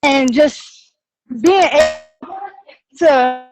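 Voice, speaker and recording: A woman, out of breath, sharing an excited, rambling, heartfelt testimonial on a group call. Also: high voice, measured pace, long pauses, poor audio. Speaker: team member sharing on a call. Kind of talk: casual testimonial share.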